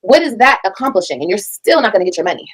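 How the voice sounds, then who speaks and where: A woman talks quickly through heated reaction commentary, blunt and emphatic. She swears freely and presses every point hard. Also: mid-range voice, sing-song, slightly rough, low-quality recording. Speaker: reaction streamer.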